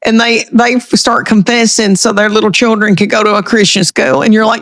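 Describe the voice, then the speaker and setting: A middle-aged woman comedian with a thick Southern country accent, chatting folksy and animated in an interview. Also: fairly high pitch, a little fast. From American South. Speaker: comedian guest. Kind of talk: casual interview chat.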